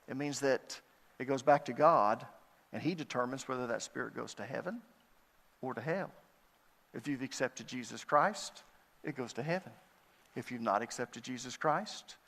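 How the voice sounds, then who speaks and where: A man delivers a sermon as a pastor, his voice pitched a little high for a man. He reads verses with lifted emphasis and answers his own questions. The sound carries a long reverb from a large hall. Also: a bit bright. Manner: preaching with rhetorical questions, rising emphasis on scripture readings.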